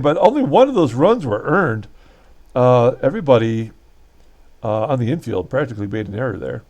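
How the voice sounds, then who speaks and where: A man's voice: fairly high pitch, a little mellow. A man hosting a baseball season replay, giving casual commentary and recapping results while thinking aloud with fillers and self-corrections.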